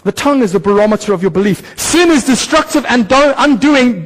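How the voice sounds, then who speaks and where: A man preaching a sermon as a church pastor, animated and direct, often breaking into quick acted voices. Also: extremely high pitch, long reverb tail, poor audio. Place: church hall.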